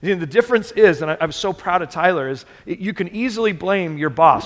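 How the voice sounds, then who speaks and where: Man, pastor, gravelly voice, earnest sermon, long hall reverb. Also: a little high, lively intonation, a little fast. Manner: earnest, repeats words for emphasis.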